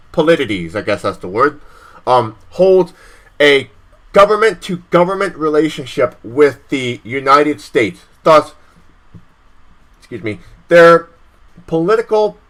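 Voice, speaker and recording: A bright, forceful young man's voice, slightly higher than most men's. He hosts a live stream, swearing freely and repeating himself, then slows into reading text aloud and trips over longer words. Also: rough recording. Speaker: stream host. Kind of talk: heated political rant and reading aloud.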